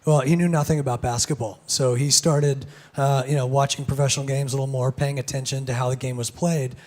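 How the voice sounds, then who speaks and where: A man with a hoarse, gravelly voice giving a casual keynote talk on a conference stage, with many fillers and restarts. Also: mid-range voice, steady tone, brisk, a little mellow. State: hoarse, lost voice. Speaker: conference speaker.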